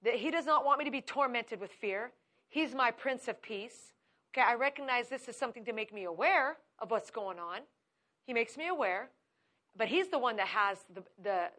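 Fervent woman preacher with a bright voice. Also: a little high. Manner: fervent, declarative, builds to commanding prayer. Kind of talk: sermon.

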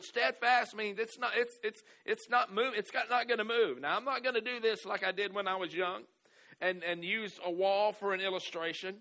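A man's voice: sits high, fairly even intonation, brisk, sharp tone. A male pastor preaching a sermon in a church hall, stressing key words, repeating phrases and often restarting his sentences. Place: church hall with a pole in the room.

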